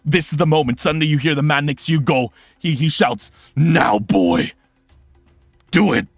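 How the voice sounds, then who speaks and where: A young man running a tabletop game as game master, narrating in an animated, fast way with sound effects and quick restarts. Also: fairly high pitch, dry recording, faint music behind.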